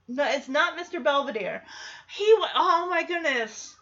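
A woman's voice: sits high, animated, moderate pace, a bit bright, highs cut off. A woman giving a chatty, casual recap of a TV episode, laughing often and acting out quoted lines. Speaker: show recapper.

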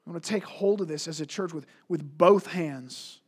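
A man's voice: a little high, moderate pace, husky. A man preaching a sermon as a pastor, emphatic, with rhetorical questions and repeated words.

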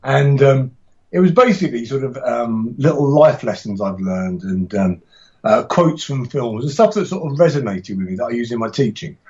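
A man's voice: medium pitch, expressive, normal speed, a little mellow, muffled recording. A middle-aged man, a martial arts instructor and author, telling stories in a podcast interview with enthusiasm and frequent restarts.

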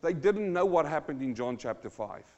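Teaching the Bible verse by verse, this pastor performs the scripture voices dramatically, building in intensity as he goes. He has a fairly high, darkish-toned voice, animated and at a normal pace, and the recording is dull lo-fi with a long hall reverb.

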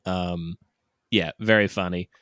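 A man's voice: sits low, fairly even intonation, takes it slowly, a bit bright, clean tone, no echo, studio quality. A man co-hosting a podcast in casual chat, laughing often and talking loosely with lots of fillers. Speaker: podcast co-host.

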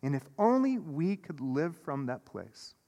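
Man, pastor, sermon, earnest repeated phrases, casual asides, high-ish voice, long church echo. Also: very animated, measured pace, dark tone. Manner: earnest preaching with repeated phrases, turning casual and chatty with the congregation. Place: church sanctuary before a congregation. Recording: echoey church hall.

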